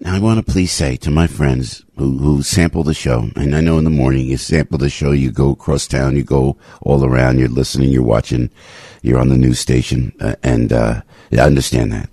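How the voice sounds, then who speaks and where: Brief: husky male radio host, dry studio mic, rants with sudden jumps to a high pitch. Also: mellow, no echo. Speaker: radio talk show host. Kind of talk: opinionated talk radio monologue. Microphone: studio radio microphone.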